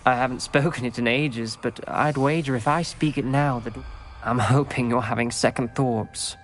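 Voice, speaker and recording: An actor playing a guarded young male wizard student who speaks in a measured, wary way. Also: mid-range voice, steady tone, slight background noise, natural voice. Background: loud game music.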